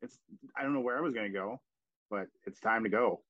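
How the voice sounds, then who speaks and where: A man hosting a casual podcast chat, telling reflective stories in an animated way. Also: on the low side, fairly quick, no room sound. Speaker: podcast host. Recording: dry, dull lo-fi sound.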